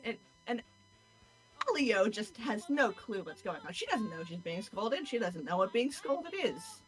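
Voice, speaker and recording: A woman chatting excitedly and casually with a friend, swearing now and then. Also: mid-range voice, a little slow, faint music behind, low-quality recording. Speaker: streamer's friend. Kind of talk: casual chat.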